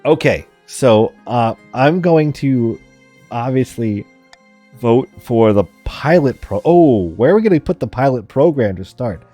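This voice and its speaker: A man's voice: mid-range voice, lively intonation, measured pace, mellow, faint music behind. A man streaming a strategy game live, chatting rambly with viewers and laughing often.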